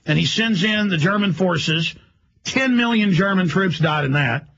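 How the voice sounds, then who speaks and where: A man hosting a radio show, delivering a rapid, emphatic, rambling monologue. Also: sits high, animated, a bit bright, lo-fi sound.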